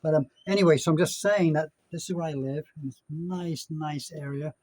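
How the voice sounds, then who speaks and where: An older man talks casually into a handheld phone camera outdoors, wandering from thought to thought and correcting himself mid-sentence. His voice sits a little high for a man, and a faint outdoor ambience stays behind him throughout. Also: fairly even intonation, moderate pace, dark tone, slight background noise, rough recording. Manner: rambling, chatty, self-correcting. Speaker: vlogger. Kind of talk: casual vlog chat. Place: outdoors at a gated apartment complex in Mexico.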